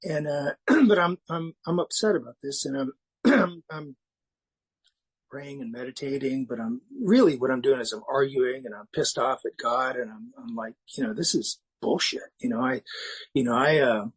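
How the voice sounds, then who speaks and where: Middle-aged man, husky voice at an ordinary pitch, halting and candid, sharing his recovery story. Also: rough recording. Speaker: speaker sharing at a recovery meeting. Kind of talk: personal recovery share.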